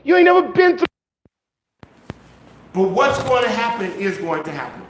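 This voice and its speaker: A man preaching a sermon to a congregation, emphatic and excitable, his voice swinging up when he drives a point home. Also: extremely high pitch, normal speed, slight background noise. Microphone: handheld microphone.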